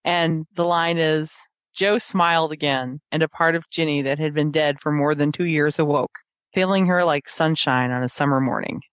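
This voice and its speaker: A woman's voice: sits low, normal speed, no room sound. A woman co-hosting a casual book discussion, retelling the plot with quoted lines and frequent laughter. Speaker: podcast co-host.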